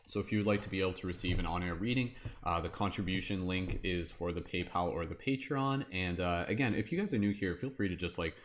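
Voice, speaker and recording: A man's voice: low-pitched, fast talker. A man hosting a live tarot-reading stream, talking casually and rambling with many fillers in an upbeat way.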